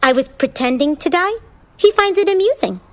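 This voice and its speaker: A woman's voice: high-pitched, animated, brisk. An actress playing a dramatic, theatrical woman in a stormy marriage, breezy and unbothered, with wry asides. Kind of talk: theatrical stage acting.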